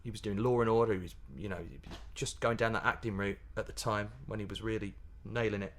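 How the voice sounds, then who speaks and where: A man, a pantomime comedian chatting as a guest in a casual interview, animated and laughing, often restarting his sentences. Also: lowish voice, fast, a little hiss or hum. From Yorkshire, England.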